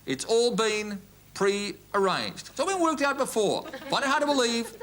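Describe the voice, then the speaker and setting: An Australian actor playing a pompous, self-righteous middle-aged TV current-affairs host in a comedy sketch, ranting and repeating himself indignantly. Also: male voice, very high-pitched, lively intonation, measured pace, a bit bright, exaggerated voice. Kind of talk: sketch comedy parody monologue.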